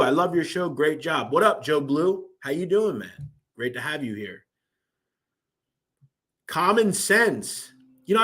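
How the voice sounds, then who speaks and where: A man's voice: on the high side, fairly bright tone. A young man with a Philadelphia accent hosting a casual live-stream, loose and rambling, reading out viewer comments. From Philadelphia, USA. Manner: loose and rambling, full of fillers. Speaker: host.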